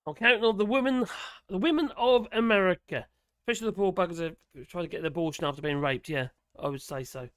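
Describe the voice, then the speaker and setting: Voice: mid-range voice, fast talker, fairly bright tone, clean tone, no echo. A host giving rambling, casual commentary on a live stream and reading out viewers' chat messages. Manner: rambling, chatty, sighs and laughs between remarks.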